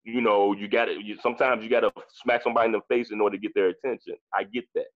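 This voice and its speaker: A low-pitched man in his forties speaks as a guest in a casual discussion, emphatic and blunt, swearing freely and circling back over his own phrases. The recording sounds dull and lo-fi. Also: level tone, very fast. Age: 40s. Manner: emphatic, profane, repeats himself.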